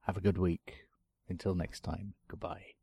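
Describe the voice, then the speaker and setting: Slow deep gravelly male storyteller. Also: little pitch movement, very noisy. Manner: dry, wry delivery. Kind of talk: scripted narration.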